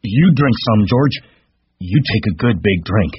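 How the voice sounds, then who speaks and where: A big, slow-witted man with a childlike, eager voice, as a man reads him aloud in an audiobook. He pleads and talks simply, lifting well above a low, husky register. The audio is slightly dull. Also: expressive. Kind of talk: audiobook character voice.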